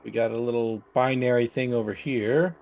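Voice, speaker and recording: A man's voice: mid-range voice, fairly even intonation, moderate pace, a little mellow, faint music behind. A man streaming a puzzle game in playful, teasing casual chat who laughs easily.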